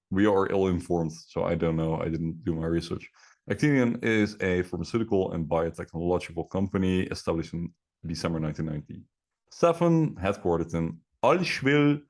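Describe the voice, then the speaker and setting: Man, very low voice, sarcastic rambling co-host on video call. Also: gravelly, a little mellow. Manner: joking, sarcastic, rambling with many fillers. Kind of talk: casual podcast chat. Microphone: computer mic on a video call.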